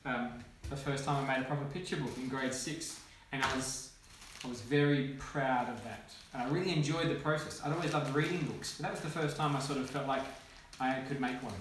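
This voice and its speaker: A man, a children's author, reading his own picture book aloud with playful, animated commentary and sound effects. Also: on the high side. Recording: echoey room, faint noise.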